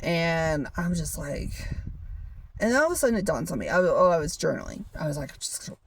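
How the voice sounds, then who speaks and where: A woman's voice: sits low, animated, brisk, far from the mic, slight background noise. A woman vlogger telling a personal story in a casual, rambling way, full of fillers and laughs. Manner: rambling, many fillers like "you know" and "like", laughs often. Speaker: hiker vlogger.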